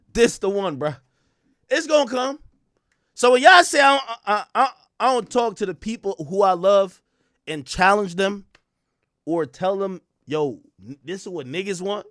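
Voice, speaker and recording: A man hosting a livestream, ranting in boastful, profane commentary that swings between loud outbursts and mumbling. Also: sits high, no room sound, studio quality. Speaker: livestream host.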